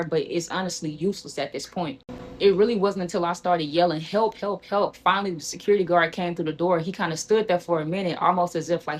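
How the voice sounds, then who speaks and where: A woman vlogger tells a dramatic personal story in a lively storytime style. Her voice sits low and she talks quickly. The delivery is animated and full of momentum. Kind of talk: storytime vlog.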